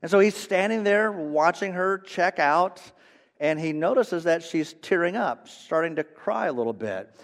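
A man preaching a sermon, swinging between loud emphasis and quiet, earnest stretches and often repeating words. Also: high-pitched, expressive, a little slow, long reverb tail. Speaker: pastor.

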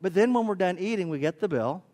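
A middle-aged male pastor delivering a sermon with a notably high voice. His pitch leaps and dips constantly as he tells funny everyday stories, often stumbling into repeated words before he finds his point. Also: fast. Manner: animated, humorous storytelling with stammered restarts.

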